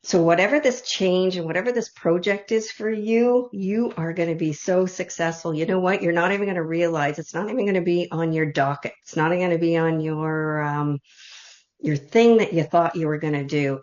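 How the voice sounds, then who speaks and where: A woman leading an online group reading, speaking softly and heartfelt in loose, run-on phrases. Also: on the low side, normal speed. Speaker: intuitive reader leading an online group session. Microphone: video call. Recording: dull lo-fi video call audio.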